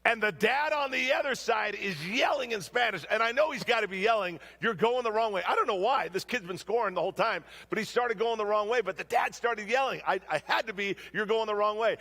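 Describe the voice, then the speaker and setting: Middle-aged male preacher, high voice with a gravelly edge, lively storytelling sermon. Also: a little fast, hardly any pauses. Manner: animated storytelling, humorous asides. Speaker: guest preacher. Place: church sanctuary.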